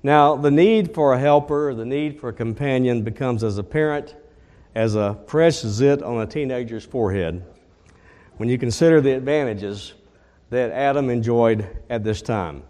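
A man preaching a sermon as pastor, slow and emphatic, repeating his key phrases. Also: medium pitch, a little mellow, in a large hall.

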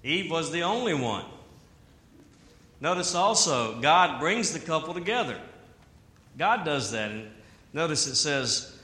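Pastor guy preaching slow in a big echoey church, bright voice, jokey asides. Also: fairly high pitch. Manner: animated preaching with humor and asides. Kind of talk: sermon. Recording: echoey hall.

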